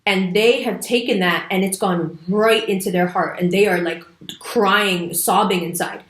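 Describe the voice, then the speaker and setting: A woman's voice: medium pitch, a little slow, fairly bright tone. A woman giving a casual, emphatic astrology talk to camera, sometimes putting on playful little voices. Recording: echoey room.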